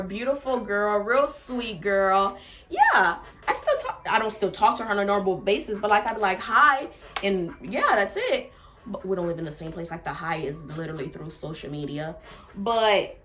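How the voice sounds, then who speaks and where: Animated young woman telling a storytime. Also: normal speed. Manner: animated, acts out quoted lines with big pitch jumps; drops to a low, quiet aside between quotes. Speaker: vlogger. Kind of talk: casual storytime.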